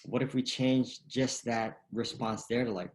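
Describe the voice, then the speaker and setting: A man's voice: medium pitch, fairly even intonation, measured pace. A man giving a motivational golf lesson in a casual way, with many fillers and questions. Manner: casual, lots of fillers and "right?" tags. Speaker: golf coach.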